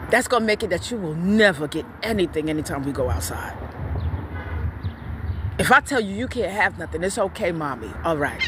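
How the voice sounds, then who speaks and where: A woman giving blunt, profane parenting opinions in a casual vlog rant, telling stories in an animated way. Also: on the low side, fairly quick, long pauses, background noise.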